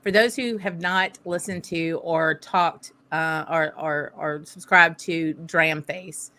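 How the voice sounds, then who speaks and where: A woman's voice: low voice, fairly even intonation, takes it slowly, pushed and bright. A woman with a Southern American accent hosting a casual whisky tasting chat, thinking aloud and laughing often. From southern United States. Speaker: host.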